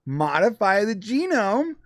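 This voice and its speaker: Animated man on a podcast, dry sound. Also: sits high, a little slow, dry recording. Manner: animated, acts out quotes in put-on voices. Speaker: podcast co-host. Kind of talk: casual pop culture chat.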